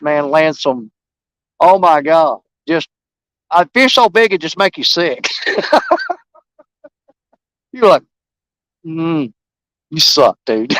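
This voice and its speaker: A man with a drawl talks to his viewers in a high, excitable voice, folksy and full of enthusiasm. He sits outdoors by a river, and his voice is picked up close and dry. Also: clear, resonant tone, no room sound, low-quality recording. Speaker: fishing live streamer. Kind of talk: casual chat to viewers on a live stream.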